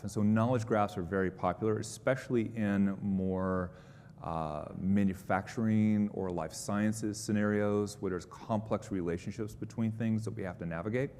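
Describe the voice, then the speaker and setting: A low-voiced man stands before a conference crowd and answers their questions. He explains things in an upbeat, conversational way, and his voice trails off into a long hall reverb over a faint rumble. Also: normal speed, darkish tone. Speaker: conference presenter.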